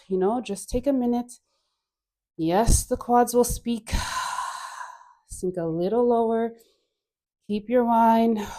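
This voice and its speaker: A woman guiding a dance class, coaxing and playful, with breathy sighs and frequent laughs between cues. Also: mid-range voice, dark tone. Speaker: dance instructor.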